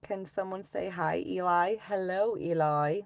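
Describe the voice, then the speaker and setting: Middle-aged woman, live streamer, low gravelly voice, sighs and swears while ranting casually. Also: steady tone, measured pace, dry recording. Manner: ranting, swearing, sighing often.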